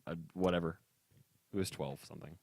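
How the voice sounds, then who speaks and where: A young man co-hosting a casual podcast, ranting in an animated way and laughing often. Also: low voice, a little fast, no room sound. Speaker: podcast co-host.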